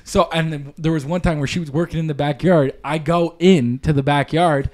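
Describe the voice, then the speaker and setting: A man's voice: a little high, fairly even intonation, fairly quick, a little mellow. A young man chatting casually on a podcast, telling a rambling, profane story and acting out the people in it. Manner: rambling, swears often, acts out quotes. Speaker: podcast co-host.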